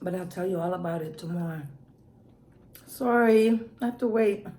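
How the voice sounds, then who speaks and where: A woman's voice: lowish voice, moderate pace, dark tone, a little hiss or hum. A young adult woman, a mukbang vlogger, chatting casually while eating, with many savoring hums between her words. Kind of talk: casual eating vlog chat.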